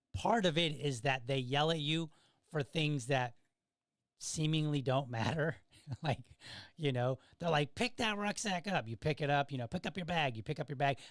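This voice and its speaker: A middle-aged man hosts a podcast in a relaxed, chatty monologue. His voice sits a little high for a man and sounds dry, with almost no room echo. He keeps checking in with his listeners by asking "right?" as he tells his stories. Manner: conversational storytelling, often checks in with "right?". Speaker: podcast host. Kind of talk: casual commentary monologue.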